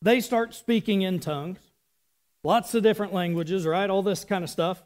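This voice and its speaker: A man's voice: high voice, moderate pace, darkish tone. A man in his thirties giving a casual, chatty sermon with asides. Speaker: preacher.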